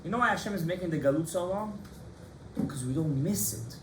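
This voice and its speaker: A rabbi in his lesson, a man with a somewhat high voice, speaking with passion and drive as he quizzes his students. His voice rings around an echoey study hall over a faint low hum. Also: fairly quick. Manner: animated and impassioned, quizzing students by name. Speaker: rabbi teaching a Torah class. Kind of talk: lively Torah class lecture.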